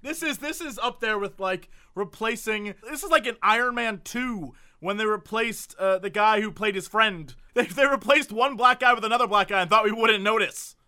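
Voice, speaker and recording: Energetic male co-host, high and bright, ranting with comic gusto. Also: normal speed, few pauses, smooth. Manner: animated, storytelling with bursts of laughter. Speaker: podcast co-host. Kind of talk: casual comedic chat.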